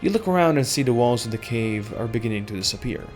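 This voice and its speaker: A man reading an AI text adventure aloud in steady second-person narration, as the game's player. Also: mid-range voice, fast, faint music behind.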